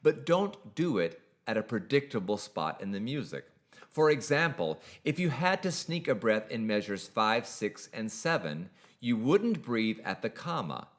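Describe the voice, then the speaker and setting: A man narrating a scripted singing lesson in a measured, precise, explanatory way. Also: mid-range voice, big pitch swings. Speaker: singing teacher.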